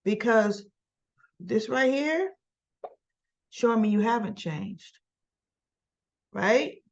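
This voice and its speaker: A woman's voice: fairly high pitch, expressive, extremely slow, dull audio. A woman casually recapping soap opera scenes, retelling the dialogue in a chatty, loose way. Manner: chatty, retells scenes with quoted lines and laughs.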